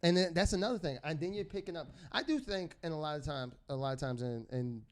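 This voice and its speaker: A man's voice: a little high, quick pace. A young man co-hosting a podcast, joking and mocking his friend's accent in casual banter. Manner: playful, laughing, mocking. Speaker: podcast co-host.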